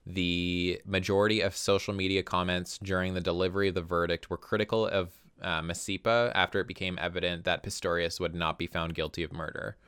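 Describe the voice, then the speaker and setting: Very deep crisp-voiced blunt man. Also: level tone, fairly quick, hardly any pauses, fairly bright tone, no room sound, clean studio sound. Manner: blunt, swears freely, reads articles aloud. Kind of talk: casual chat.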